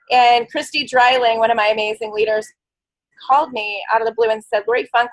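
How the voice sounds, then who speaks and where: A woman's voice: on the high side, rough recording. A middle-aged woman leading a motivational business training, telling her story in a heartfelt, emotional way. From United States. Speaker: network marketing leader.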